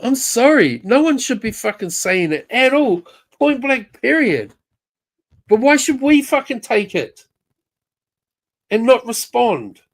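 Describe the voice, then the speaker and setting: A woman's voice: fairly high pitch, very animated, slow. A woman with a New Zealand accent ranting angrily in a live chat, swearing nonstop and calling out people by name. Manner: heated, swearing constantly, jabbing at named people. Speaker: livestream chatter. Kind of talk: angry profane rant.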